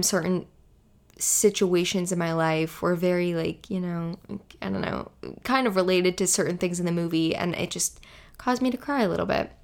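A young woman in her twenties hosting a solo podcast, rambling casually with lots of filler words. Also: fairly low pitch. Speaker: podcast host. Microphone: podcast microphone.

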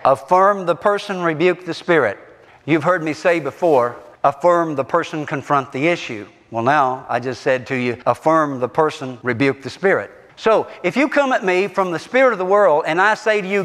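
A man preaches a sermon, his voice pitched high and pushing hard on key phrases. He leads the congregation in call-and-response. The sound carries the long reverb of a church sanctuary. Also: lively intonation, moderate pace, a bit bright. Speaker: pastor.

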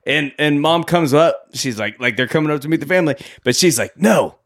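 A man's voice: on the high side, a little fast. A man co-hosting a podcast, casually retelling a movie scene, acting out the characters' lines and laughing often. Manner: animated retelling, acts out lines, frequent laughs. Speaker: podcast co-host. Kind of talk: casual movie recap chat.

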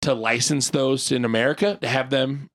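A podcast co-host telling a long, rambling story in casual chat, full of "like" and the odd swear word. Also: male voice, medium pitch, fairly even intonation, normal speed, a bit bright.

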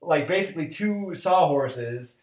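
A man in his thirties, a cook, tells a story in loose, profane chat, acting out both sides of a quarrel. His voice sits a little high. The room around him rings with echo. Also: expressive, a little slow. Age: 30s. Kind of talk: casual chat.

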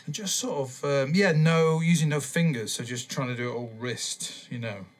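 A man hosting a podcast, rambling in a relaxed, meandering way with many pauses and ums. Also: medium pitch, noisy background. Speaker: podcast host. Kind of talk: casual rambling monologue.

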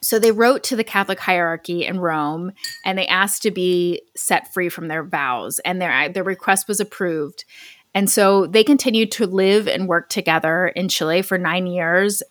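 A woman with a somewhat low voice tells a true story to her podcast co-host. She speaks in a casual, chatty way and fills her sentences with "like". The recording is close and dry, with no room sound. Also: no echo. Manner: chatty, many "like" fillers.

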